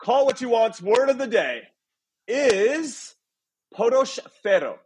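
A man's voice: extremely high pitch, expressive, slow, breathy edge. A man hosting a casual soccer podcast, upbeat and playful as he runs a word quiz with his co-hosts over a video call. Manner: upbeat, playful quizmaster banter. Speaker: podcast host. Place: away from his usual recording spot.

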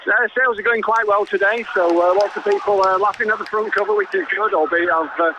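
A man's voice: high-pitched, steady tone, fast talker, dull audio, noisy background. A man in his fifties calling in to a football podcast, chatty and hesitant with many fillers. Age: 50s. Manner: chatty, laughing, many ums. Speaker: phone-in caller, fanzine seller. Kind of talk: phone call.

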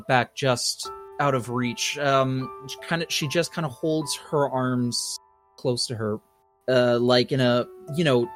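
A man narrates a tabletop scene as game master, speaking very slowly and deliberately. His descriptions are soft-spoken and measured, with faint background music. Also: medium pitch. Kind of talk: slow atmospheric game narration.

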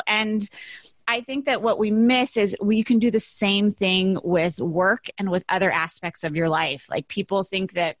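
A woman's voice: mid-range voice, steady tone, moderate pace, a bit bright, no room sound. A woman in her thirties, a podcast guest, talking in an effusive casual way, full of likes and restarts. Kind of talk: casual interview chat.

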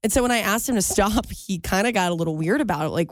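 A woman co-hosting a casual radio show, telling stories in an animated way. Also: a little high, fast, hardly any pauses, dry recording, studio quality. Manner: animated storyteller, laughs often. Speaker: radio co-host.

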